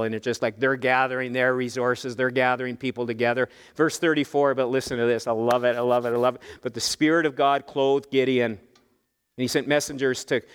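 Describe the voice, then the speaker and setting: A man preaching a sermon as pastor, telling the story in a lively way and acting out the voices of the people in it. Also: medium pitch, clean tone, big-room sound.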